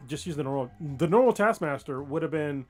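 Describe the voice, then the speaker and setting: A man's voice: fairly high pitch, animated, fairly quick, faint music behind. A man co-hosting a livestream podcast, talking hesitantly with lots of fillers and casual swearing. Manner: hesitant, filler-heavy, profane. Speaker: podcast co-host.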